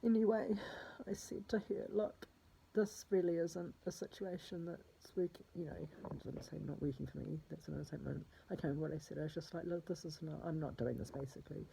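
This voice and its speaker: A woman's voice: low-pitched, fairly quick, mellow, slight background noise, poor audio. A distraught woman talking through a personal spoken diary, rambling and swearing, often dropping into a whisper. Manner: drops to a husky whisper.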